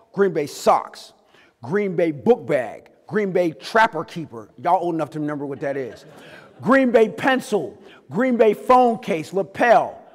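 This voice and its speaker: Animated man speaking in an echoey hall. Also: on the high side. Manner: animated storytelling, acts out voices, swings loud and quiet. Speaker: keynote speaker. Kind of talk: motivational talk to a live audience.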